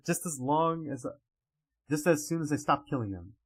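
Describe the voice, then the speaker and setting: Man doing a wild female soldier, manic, teasing, high and lively voice. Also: unhurried, breathy edge. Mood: possessive taunting. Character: manic flirty female soldier, loud and unhinged.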